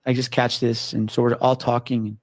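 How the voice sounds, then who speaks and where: A man recounting a chilling call from his police days, talking in a loose, animated way with plenty of swearing. He acts out the voices of the people involved. His voice sits at a middle pitch, and the recording is dry and close with no room sound. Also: a little fast, dry recording. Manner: animated, swearing, acts out quotes with gasps and whispers. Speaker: former police officer telling a story. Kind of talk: casual storytelling.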